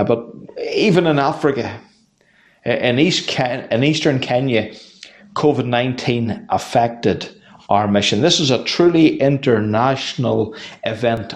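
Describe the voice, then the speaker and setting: Male pastor, mid-pitch voice, measured sermon delivery with restarts. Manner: measured preaching, with restarts and fillers. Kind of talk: midweek Bible study sermon.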